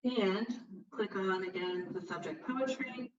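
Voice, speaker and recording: A woman's voice: medium pitch, measured pace, muffled recording. A female teacher giving step-by-step directions in a recorded online lesson.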